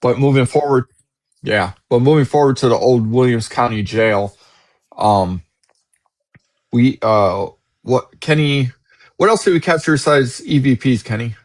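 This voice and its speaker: A man, a paranormal investigator, chatting casually and excitably, often repeating himself. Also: medium pitch, unhurried. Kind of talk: casual chat.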